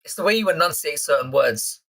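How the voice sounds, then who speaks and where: Bright-voiced crude London man. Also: on the high side, expressive, brisk, creaky. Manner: crude, swearing, teasing chat readers. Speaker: live stream host. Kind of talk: casual live-chat banter.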